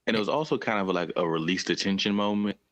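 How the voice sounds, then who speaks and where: A man co-hosting a podcast who chats casually, laughs as he talks, and pitches his voice up when he jokes. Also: animated, fast talker, a bit bright. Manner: laughs while talking, voice goes high when joking. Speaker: podcast co-host. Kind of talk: casual chat. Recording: dull lo-fi audio.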